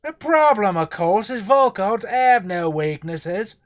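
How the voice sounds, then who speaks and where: A man voicing a gruff male monster hunter in a shaky, put-on Cockney accent that slips toward Southern American. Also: high-pitched, very animated, slow pace, pitched above the performer's own voice, full character voice. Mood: boastful. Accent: attempted Cockney.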